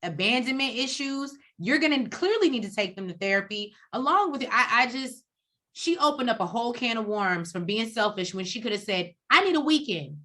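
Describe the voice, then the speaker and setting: A woman co-hosting a reality TV recap, talking in a blunt, profane, animated way and acting out quotes. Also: fairly high pitch, fairly quick. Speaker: co-host of a TV recap show. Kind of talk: casual reality TV recap chat.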